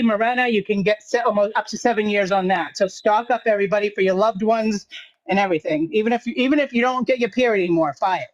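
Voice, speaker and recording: A woman with a thick Boston accent chats freely, quick to crack a joke and laugh. Her voice is dry and close, but the sound is dull and lo-fi, like a cheap line. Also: medium pitch, no echo. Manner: chatty, laughs easily, jokey. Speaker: caller on a live stream. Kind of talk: casual chat.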